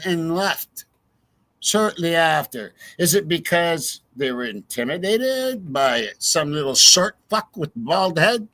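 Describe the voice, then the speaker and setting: A man's voice: a little high, animated, takes it slowly, a bit bright, dry recording. A man hosting a true crime livestream, ranting in a heated, profane way to his viewers. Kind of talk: casual livestream commentary.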